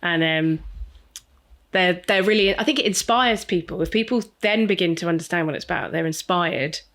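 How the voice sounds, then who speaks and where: A woman with a slightly low voice chats casually as a podcast co-host. She tells stories with animation and often slips into the voices of the people she quotes. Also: normal speed. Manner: animated, acts out quoted exchanges. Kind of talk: casual chat.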